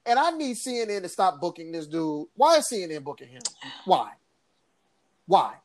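A woman co-hosting a casual political podcast, talking in an animated, sarcastic way, with laughs and mocking impressions. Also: fairly low pitch, normal speed, a little hiss or hum. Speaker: podcast co-host.

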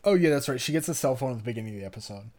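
Casting note: young male podcast co-host, relaxed, loose, chatty delivery with filler words. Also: medium pitch, rapid-fire. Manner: easygoing, lots of ums and quoted dialogue. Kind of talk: casual chat.

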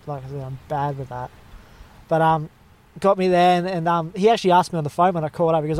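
A man's voice: fairly high pitch, fairly even intonation, fast, a little mellow. A young Australian man from Western Australia telling a long, rambling story in casual chat, full of slang and fillers.

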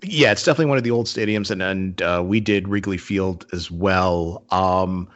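Low-voiced man chatting, lo-fi sound. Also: normal speed, fairly bright tone. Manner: rambling with many fillers and restarts. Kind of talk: casual chat.

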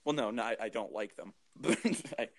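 A young man co-hosting a casual podcast, talking in halting, rambling bursts with many restarts. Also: on the low side, creaky, dry recording. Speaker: podcast co-host. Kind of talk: casual chat.

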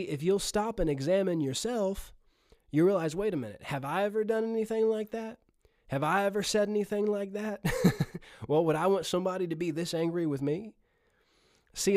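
A man's voice: on the high side, a little mellow, dry recording, clean studio sound. A man preaching a sermon in an earnest, conversational way, often chuckling as he speaks.

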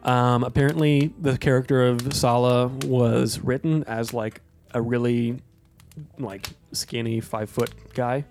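An American man co-hosting a podcast, chatting casually about movies with rambling, deadpan jokes. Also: mid-range voice, measured pace, soft background music. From United States. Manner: joking, rambling, deadpan asides. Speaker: podcast co-host.

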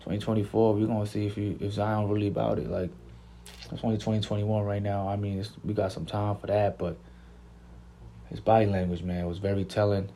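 Deep flat-voiced New man, laid-back. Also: fairly quick, a little hiss or hum. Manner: laid-back, slangy, repeats himself. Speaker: podcast host. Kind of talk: casual sports chat.

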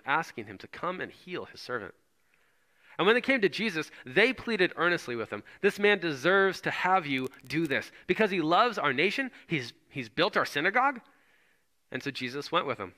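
A male pastor preaching a sermon, retelling scripture in casual, animated storytelling. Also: a little high.

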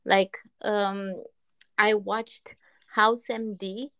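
A woman co-hosting a casual chat, agreeing often and pausing on fillers as she searches for words. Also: medium pitch, level tone, fairly bright tone. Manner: agreeable, hesitant with many fillers.

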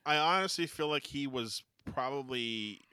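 A man co-hosting a casual podcast, telling animated stories and mimicking other people's voices, with casual swearing. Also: medium pitch, moderate pace, clear, resonant tone, no echo. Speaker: podcast co-host. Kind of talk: casual chat, storytelling.

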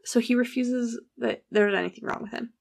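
A woman's voice: on the high side, steady tone, brisk, vocal fry. A woman casually recounting a true-crime story as a podcast host, chatty and full of "like". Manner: chatty, recounts events with frequent "like" and quoted dialogue.

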